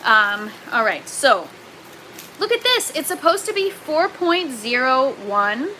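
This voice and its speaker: A woman's voice: high voice, sing-song, slow pace, sharp tone, slight background noise, rough recording. A woman hosting a casual livestream, chatting and reading viewer comments aloud, laughing often. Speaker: livestream host. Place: indoor grow tent.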